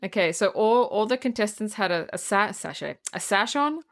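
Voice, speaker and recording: A woman's voice: mid-range voice, lively intonation. Woman retelling movie scenes casually. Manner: retells scenes, acting out lines in quick put-on voices. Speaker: podcast co-host. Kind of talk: casual movie review chat.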